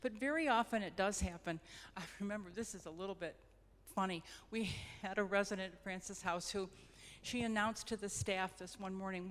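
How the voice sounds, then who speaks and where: A woman facilitates a grief support group in a reflective, gentle way. She returns to phrases for emphasis. Her mid-pitched voice carries a long reverb from a church hall. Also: normal speed.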